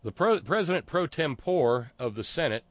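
A man's voice: on the high side, very animated, normal speed, no room sound. A man talking through a casual monologue, sarcastic and digressive, often stopping to restart his sentences.

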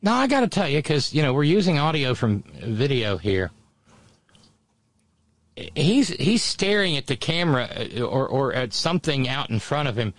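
A man hosting a show, giving mocking commentary on audio clips with sudden high exclamations. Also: very animated, normal speed, no echo. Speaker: show host. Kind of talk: sarcastic commentary over played audio.

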